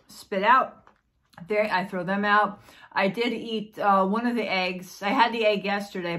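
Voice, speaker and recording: A woman's voice: medium pitch, a bit bright. Woman vlogging, rambly and chatty, says oh my god a lot, just talking to camera. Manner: rambling, chatty, repeats herself; frequent exclamations. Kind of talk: casual vlog chat.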